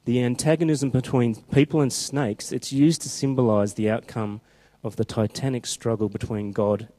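A man preaching a chatty, informal sermon who slows down when reading scripture aloud. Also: mid-range voice, fairly even intonation, dark tone. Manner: conversational and chatty, slowing down for scripture quotes.

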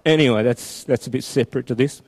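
A man preaching a chatty, informal sermon who slows down when reading scripture aloud. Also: medium pitch, darkish tone, husky. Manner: conversational and chatty, slowing down for scripture quotes.

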